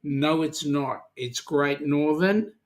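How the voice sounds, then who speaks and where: A man's voice: a little high, slow pace. An Australian man co-hosting a casual live-stream chat, bantering playfully with viewers. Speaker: co-host of a cruising chat show.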